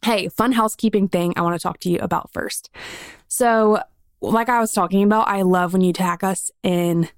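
A woman with a Southern US accent hosts her podcast solo, chatting casually in a bubbly, filler-heavy way into a studio microphone. Her medium-pitched voice stays steady at a moderate pace, with no echo.

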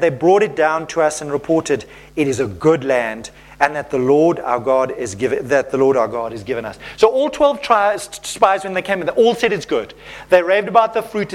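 A man preaching a sermon as pastor, reading scripture and acting out playful little voices. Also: on the high side.

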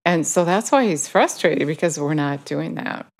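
A woman with a notably low voice gives an informal sermon. She talks in a conversational way, stopping to correct herself mid-verse. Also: expressive, moderate pace. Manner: conversational, self-correcting while quoting scripture. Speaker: Bible teacher.

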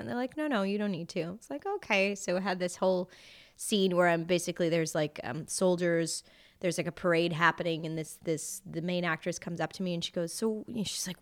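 Woman voice actress telling relaxed anecdotes. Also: fairly low pitch, brisk. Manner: relaxed anecdotal storytelling, many fillers. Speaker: voice actress guest. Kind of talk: casual interview chat.

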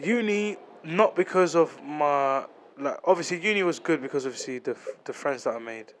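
Slangy young man, lively laughs. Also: on the high side, moderate pace, a little hiss or hum. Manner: animated, slangy, laughs often. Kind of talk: casual chat.

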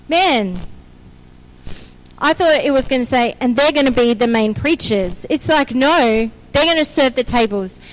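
A woman preaching a sermon, energetic and exhorting, often calling out for an amen. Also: sits high, poor audio.

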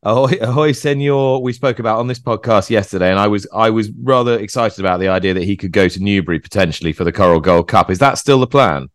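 A man hosts a racing podcast in a lowish voice with a dry, close sound. He is brisk and jokey and sounds keen on every guest. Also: no room sound. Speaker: podcast host. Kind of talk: interviewing and presenting.

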